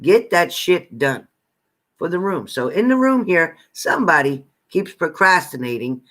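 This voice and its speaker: A man's voice: fairly high pitch, sing-song, measured pace, fairly bright tone. A man acting as a psychic card reader, giving blunt zodiac messages in profane, repetitive, bossy tough-love commands.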